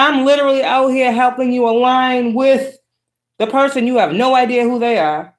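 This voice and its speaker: A woman's voice: a little high, moderate pace. Woman tarot reader, preachy and profane, roomy echo. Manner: profane, preachy, shifts between calm and harsh. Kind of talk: spiritual reading monologue.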